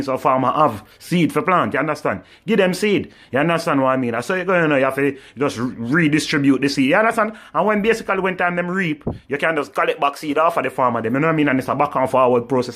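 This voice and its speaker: Fast-talking Jamaican man with a sarcastic rant. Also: a little high, a bit bright. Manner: keeps tagging lines with "you understand"; mocking, repeats "well done". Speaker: vlogger.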